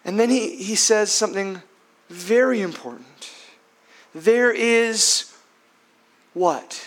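High-voiced male preacher. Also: fairly bright tone. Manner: asks rhetorical questions with tag questions. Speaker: pastor. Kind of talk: sermon.

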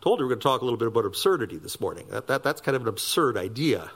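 Guy preaching a sermon, voice jumps up and down a lot, slows way down to stress things. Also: sing-song, breathy edge. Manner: emphatic preaching with wide swings of pitch and pace, wry asides. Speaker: pastor.

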